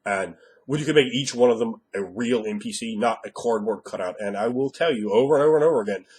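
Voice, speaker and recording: A man coaches other game masters in a blunt, emphatic monologue and swears freely to drive his points home. His voice is husky and a little hoarse from a recent cold. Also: mid-range voice, fast talker, darkish tone. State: slightly hoarse after a cold. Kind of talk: instructional monologue.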